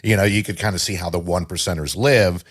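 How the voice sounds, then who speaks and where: A man's voice: low voice, fairly even intonation, fast, husky. A man co-hosting a podcast, chatting loosely and laughing often. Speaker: podcast co-host. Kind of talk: casual chat.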